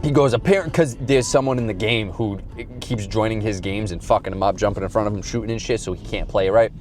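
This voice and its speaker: A man's voice: lowish voice, fairly even intonation, fast, a little mellow. A man chatting casually as a podcast host, telling a rambling, profane story and acting out quotes. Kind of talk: casual chat.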